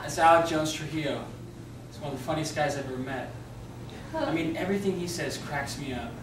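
A man with a slightly high voice speaks with mock-sincere earnestness, as if giving a heartfelt testimonial. He is far from the mic in an echoey space, with loud noise behind him. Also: fairly quick. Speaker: comedian.

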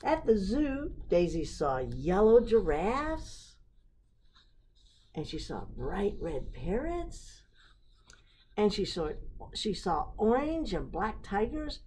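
A woman reading a picture book aloud for a library storytime, expressive and stopping to ask the listeners questions. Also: medium pitch, slow pace, pauses often, a little hiss or hum.

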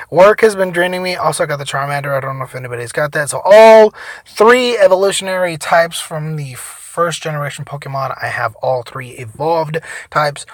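A tired young man giving casual, profane gameplay commentary, rambling between loud outbursts and mumbled asides. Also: fairly high pitch, a little fast, dry recording. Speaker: gaming vlogger.

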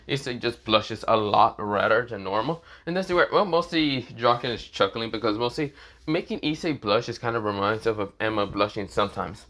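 A man's voice: on the low side, a little fast, fairly bright tone. A man casually narrating a fan-made story, rambling with lots of filler words and restarts.

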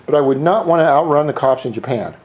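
The audio is dull as a middle-aged man from the United States, a scooter hobbyist, vlogs a casual tutorial from his workshop. His fairly high voice has lively intonation and he talks fast, rambling, joking and swearing freely as he spray paints parts.

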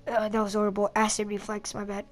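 A young woman commentating her own shooter gameplay, sick and with an upset stomach, yelling in frustration and then calming down. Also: medium pitch, fast, soft background music. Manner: yells in frustration, then calms down. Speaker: gaming YouTuber.

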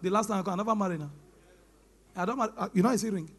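A young Nigerian man doing animated stand-up comedy, mixing in pidgin and shouting his punchlines. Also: high-pitched, racing.

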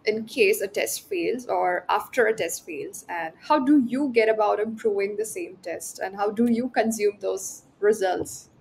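Female podcast host, gravelly fry in her voice, faint background hiss. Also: mid-range voice, a little slow, hardly any pauses, a little mellow, low-quality recording. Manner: asks structured questions. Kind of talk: interview questions.

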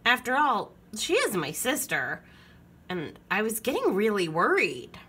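Lively, breathy woman reading a storybook. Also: mid-range voice, measured pace. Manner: expressive storytelling. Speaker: children's book reader. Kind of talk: reading a picture book aloud.

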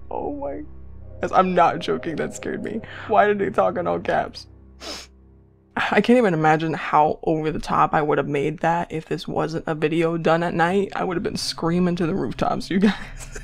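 A woman's voice: lowish voice, moderate pace, creaky, faint music behind. A young woman giving chatty, playful commentary on a game she is playing, talking straight to her viewers. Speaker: let's play gamer. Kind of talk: casual gameplay commentary.

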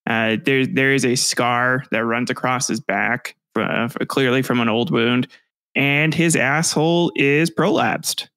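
A man's voice: medium pitch, fairly even intonation, sharp tone, dry recording. Young male game master, loose and rambly, dry close sound. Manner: casual, halting, laughs at his own descriptions. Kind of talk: narrating a tabletop game.

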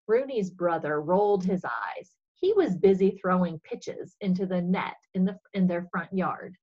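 Woman reading a children's story aloud, animated. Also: lowish voice, measured pace, husky, muffled recording. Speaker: religious education storyteller.

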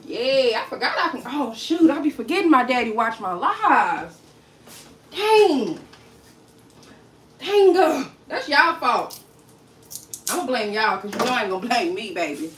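A woman with a high, bright voice talks her viewers through a recipe on a casual cooking livestream. She is chatty and playful, jokes and swears now and then, and speaks straight to the audience. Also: lively intonation, measured pace, pauses often.

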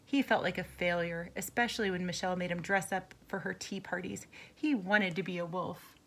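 A woman teacher reading a picture book aloud to children, slow, clear and patient. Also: fairly low pitch, steady tone, fairly bright tone.

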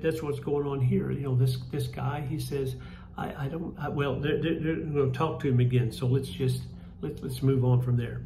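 A man with a Kentucky accent leading a church Bible study, folksy and halting, with many fillers and restarts. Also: mid-range voice, gravelly, reverberant, background noise. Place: church room.

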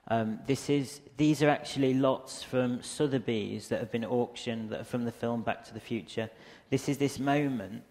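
A man's voice: mid-range voice, normal speed, hardly any pauses, a little mellow. A man giving a casual, rambling lecture with slides, hesitating often with ums, speaking into a microphone in a museum lecture hall. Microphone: handheld or stand microphone.

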